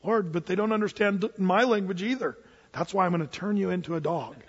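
A man with a high, husky voice preaches a sermon. He tells a story and acts out both sides of the conversation. The sound is dull and lo-fi, with a long hall echo. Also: fairly quick.

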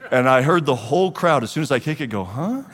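A man in his forties, a guest speaker at a church men's group, gives a storytelling testimony and acts out the dialogue with lively energy. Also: mid-range voice, quick pace. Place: church hall. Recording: long reverb of a large hall.

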